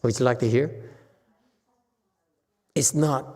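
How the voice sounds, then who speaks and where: A man's voice: mid-range voice, fairly even intonation, slow pace, darkish tone. A man giving a casual Buddhist dharma talk as teacher, chatty and teasing, laughing often. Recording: reverberant hall.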